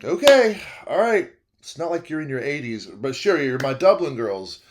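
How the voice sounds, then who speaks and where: A young man, telling a comedic story about his work as a restaurant server. He talks in an animated way, cuts himself off, and repeats phrases for laughs. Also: mid-range voice, moderate pace, background noise. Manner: animated, self-interrupting, repeats phrases for comic effect.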